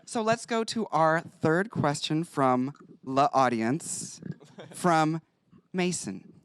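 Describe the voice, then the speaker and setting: A man with a Brooklyn accent moderates a lively panel in a playful, campy way. His pitch swings widely as he teases the guests and calls on them one by one. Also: slow pace, smooth, dry recording. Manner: campy, teasing, animated. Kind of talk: playful live panel hosting.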